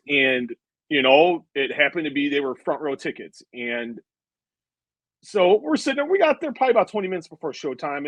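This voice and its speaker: A man in his thirties with a slightly higher voice tells a winding story about a family outing, full of asides and quoted lines. The sound is close and dry, with no room around it. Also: dry recording, poor audio. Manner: rambling, animated anecdote with many asides. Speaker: interviewer. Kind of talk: casual interview storytelling.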